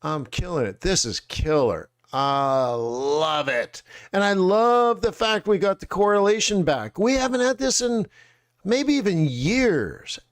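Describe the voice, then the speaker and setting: Animated man telling stories. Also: high-pitched, a little slow. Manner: animated storytelling, slangy, acts out quotes. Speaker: trading webinar host. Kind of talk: casual chat.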